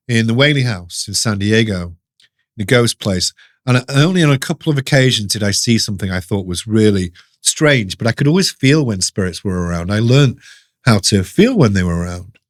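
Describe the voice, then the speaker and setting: A middle-aged man, appearing as a guest storyteller in an interview, tells a ghost story in an animated way, laughing often and restarting his sentences. His voice is medium-pitched.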